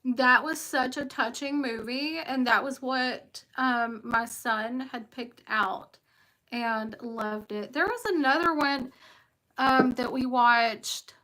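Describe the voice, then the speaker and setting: A woman's voice: high-pitched, slow pace, pushed and bright, rough recording. A woman with a West Virginia accent, a tarot reader chatting casually on a livestream, rambling and greeting commenters by name.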